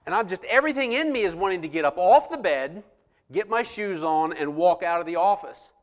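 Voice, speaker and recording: A man telling a personal story to listeners in a lively way, acting out the people he quotes. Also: sits high, fairly quick. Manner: animated, acts out the people he quotes. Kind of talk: personal anecdote told to listeners.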